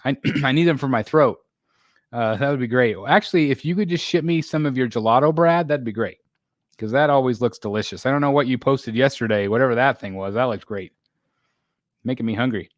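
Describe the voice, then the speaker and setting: Hosting a casual live stream, a middle-aged man reads viewer comments and chats in a tired, meandering way, full of fillers and throat clearing. His mid-range voice is brisk, and the studio sound is clean without echo.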